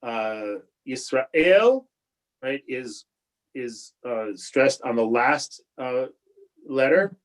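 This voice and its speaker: A man leads an online Hebrew prayer class as its rabbi, heard through a video call. His voice sits at an ordinary middle pitch. He talks in a halting, patient way, stopping and restarting often as he encourages his students. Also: fairly even intonation, rough recording. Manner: halting, with many restarts and fillers. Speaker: rabbi teaching a bar and bat mitzvah class.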